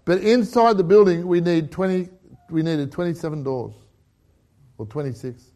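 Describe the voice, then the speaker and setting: A middle-aged Australian man gives a sermon testimony in an animated storytelling voice. His voice sits a touch higher than most men's, and he acts out the other people in his story. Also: moderate pace. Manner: animated storyteller who acts out dialogue and laughs. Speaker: preacher giving a testimony.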